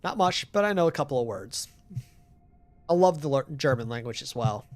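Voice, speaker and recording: A man's voice: medium pitch, animated, normal speed, no echo. A young American man streaming a game, chatting with his viewers in a rambling, easygoing way and laughing often. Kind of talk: casual chat while playing a game.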